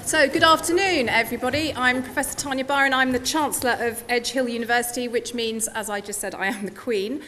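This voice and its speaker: A woman's voice: fairly high pitch, brisk, hardly any pauses, slight background noise. A middle-aged woman, a university chancellor giving a playful, joking graduation address through a lectern microphone in a large hall. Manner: playful, joking, warm to the audience.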